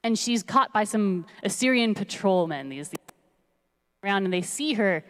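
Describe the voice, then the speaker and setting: A woman's voice: mid-range voice, normal speed. Woman rabbi telling a story in a hall. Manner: casual, lively retelling. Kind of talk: sermon storytelling. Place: synagogue sanctuary. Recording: long reverb of a large hall.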